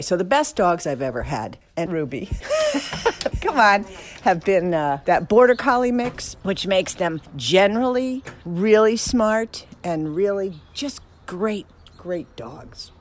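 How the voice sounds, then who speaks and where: A middle-aged woman telling a rambling personal story about dogs at home, animated, with squealing quoted excitement. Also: fairly low pitch, normal speed. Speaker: dog owner telling a story. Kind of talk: casual storytelling. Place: outdoors then indoors at home with dogs.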